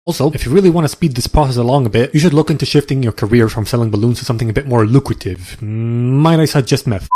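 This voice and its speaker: A man's voice: medium pitch, quick pace, few pauses, dark tone. A young man narrating comedic movie recaps in a crude, mocking way, often breaking into silly voices.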